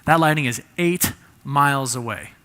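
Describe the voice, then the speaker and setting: A man voicing a cheerful cartoon builder who reassures his crane in a bright, upbeat tone. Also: medium pitch, moderate pace, lightly acted. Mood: reassuring.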